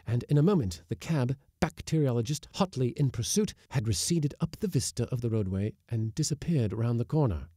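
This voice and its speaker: Mellow-voiced male storyteller. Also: medium pitch, husky, no room sound, studio quality. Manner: expressive, dramatic reading. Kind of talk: reading a classic short story aloud.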